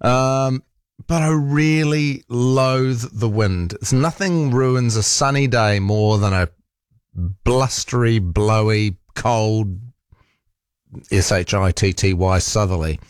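A man's voice: lowish voice, takes it slowly, smooth, dry recording. A man with a New Zealand accent hosting a talk radio show in a studio, chatting in a rambling way with many fillers and restarts. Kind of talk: casual talk radio monologue. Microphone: studio microphone.

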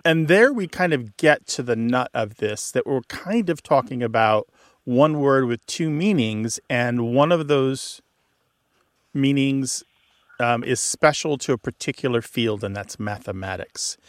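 A man's voice: mid-range voice, animated, a little slow, no echo. A man hosting a call-in radio show, explaining word usage to a caller with enthusiasm. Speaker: host.

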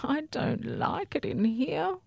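A woman voicing a small, eager boy toothbrush who is lost and hopeful, speaking in a high squeaky voice. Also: huge pitch swings, slow pace, vocal fry, darkish tone, no room sound, lo-fi sound, full character voice.

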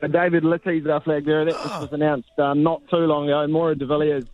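A man's voice: on the high side, little pitch movement, fast talker, no room sound, narrow, tinny audio. A man, a sports reporter chatting casually on radio in a laid-back, rambling way. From New Zealand.

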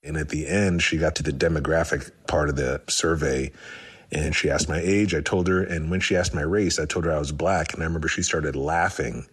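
A man calling in to a radio show, calmly telling a personal story. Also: rumbling low, fairly quick, slightly rough.

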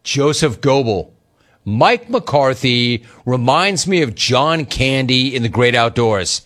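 A man's voice: medium pitch, expressive, slow pace, fairly bright tone. A man hosting a sports talk show, mocking rival fans with a teasing, laughing manner and reading chat messages aloud. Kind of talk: sports talk radio commentary.

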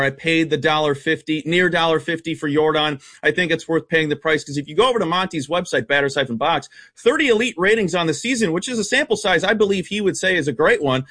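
A man as a sports betting analyst guest on a radio show, rattling off stats in a blunt, animated way. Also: a little high, no echo. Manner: fast, blunt, stat-heavy, animated. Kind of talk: casual radio sports talk.

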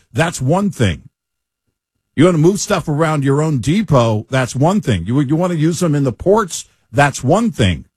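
A man's voice: medium pitch, husky, no room sound, studio quality. A man co-hosting political talk radio, agreeable and matter-of-fact, backing up his partner. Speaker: radio co-host.

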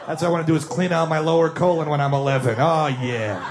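A man's voice: fairly high pitch, fairly even intonation, racing. A middle-aged man doing self-mocking, nostalgic stand-up and chatting with the crowd. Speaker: stand-up comedian. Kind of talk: stand-up comedy routine.

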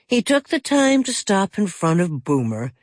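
An audiobook narrator reading a children's story gently and expressively. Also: medium pitch, very animated, normal speed, no room sound, clean studio sound.

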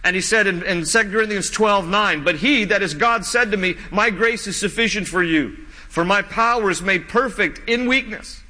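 A man preaching a sermon as pastor, earnest, slowing down whenever he reads scripture aloud. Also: high voice, pushed and bright. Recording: long reverb of a large hall.

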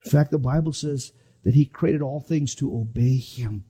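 A middle-aged pastor preaches a sermon with drama, acting out the voices of the disciples in his story. His voice is medium-pitched, warm, and slightly rough, at a moderate pace.

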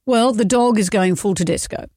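A woman's voice: mid-range voice, moderate pace, darkish tone, no echo, clean studio sound. A woman co-hosting a radio show, telling stories in casual banter and laughing often. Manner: chatty storyteller, laughs often. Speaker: radio co-host.

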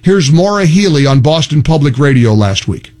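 High-voiced sarcastic radio host man. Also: sing-song, moderate pace, darkish tone. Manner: sarcastic, argumentative, talks over callers. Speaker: radio talk show host. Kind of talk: combative call-in radio talk. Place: radio studio.

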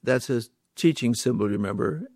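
Male preacher, mid pitch, emphatic, asks rhetorical questions; dry close recording. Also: expressive, normal speed, darkish tone, no room sound. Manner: emphatic, repeats key words, rhetorical questions to listeners. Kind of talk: sermon.

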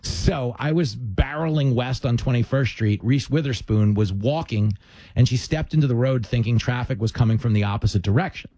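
A man hosting a casual conversation, telling stories in a lively, joking way. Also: mid-range voice, normal speed, no room sound. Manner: animated storyteller, jokey asides. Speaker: podcast host.

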